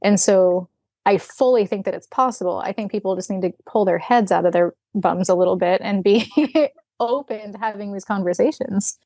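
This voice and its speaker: A woman guest on a podcast interview, telling stories in a candid, animated way, acting out bits of dialogue and laughing often. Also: medium pitch, normal speed, no room sound. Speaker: guest, equine rehabilitator. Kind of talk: podcast interview, casual storytelling.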